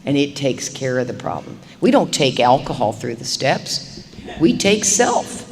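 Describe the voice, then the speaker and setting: A middle-aged woman giving a recovery talk to a live meeting audience, animated and acting out little dialogues as she goes. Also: a bass voice, unhurried, vocal fry. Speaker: AA meeting speaker. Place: meeting hall. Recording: reverberant live hall recording, faint hiss.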